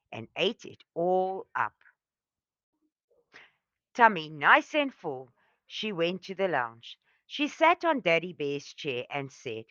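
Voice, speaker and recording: A woman telling a children's story in a slow, expressive, sing-song way. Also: low voice, no room sound, highs cut off.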